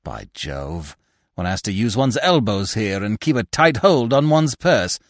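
A man's voice: on the low side, big pitch swings, unhurried, dry recording, studio quality. A man voicing a brusque police inspector who grumbles and complains irritably. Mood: grumbling.

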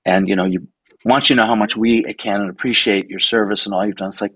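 A man in his sixties, a guest photographer telling stories in a casual interview, animated, swearing freely and acting out the people he quotes. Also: fairly low pitch, fast, breathy edge, dry recording, low-quality recording. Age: 60s.

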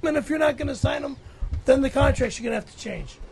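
A man doing a gravelly high-voiced Brooklyn tough guy. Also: fast. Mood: grumbling. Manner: defensive, swearing, squabbling. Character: brash foul-mouthed Italian-American man. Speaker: podcast regular. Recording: noisy background.

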